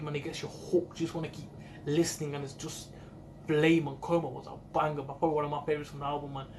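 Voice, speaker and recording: Casual, swear-filled, slang-heavy album reaction from a young British man who hosts music reaction videos and comes from the United Kingdom. He sounds excitable, his voice is a little high, and slight background noise can be heard.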